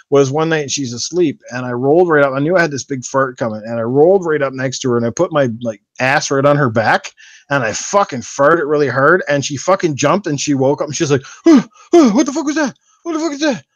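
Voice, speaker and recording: A man's voice: a little high, no echo. A man hosting a podcast, telling crude stories with lots of swearing and laughter. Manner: profane, laughing, storytelling. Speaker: podcast host. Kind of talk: crude casual podcast chat.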